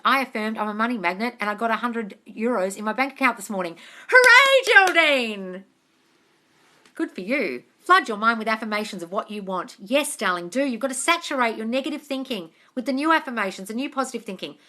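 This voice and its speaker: A bright, fairly high Australian woman answers viewers' questions in a casual live chat. She talks bluntly, swears freely and keeps calling her listeners darling. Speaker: manifesting coach on a live stream.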